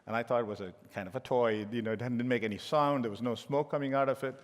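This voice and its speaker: A man's voice: mid-range voice, quick pace. A middle-aged man giving a conference keynote as a tech executive, telling joking anecdotes with frequent restarts. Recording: long hall reverb.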